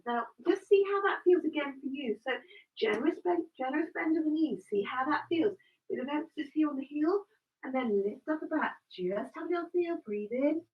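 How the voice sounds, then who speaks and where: A woman coaching a live exercise session, encouraging and cueing breaths and counts. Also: high-pitched. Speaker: fitness instructor. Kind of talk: live exercise class instruction. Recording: distant, dull lo-fi live stream.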